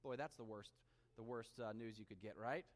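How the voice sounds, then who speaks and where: A man preaching a sermon, reading scripture aloud and swinging between animated emphasis and hushed, intimate asides. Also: fairly low pitch, normal speed, in a large hall. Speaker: pastor.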